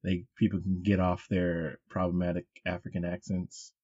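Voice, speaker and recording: A man's voice: sits low, monotone, moderate pace, a little mellow, husky, dry recording, highs cut off. A man co-hosting a podcast in laid-back casual chat, making dry remarks. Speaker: podcast co-host.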